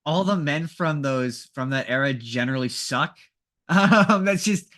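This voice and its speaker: A man's voice: fairly high pitch, expressive, measured pace, fairly bright tone. A man co-hosting a podcast, talking casually and rambling with frequent restarts. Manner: rambling, many restarts and laughs. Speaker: podcast co-host. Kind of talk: casual chat.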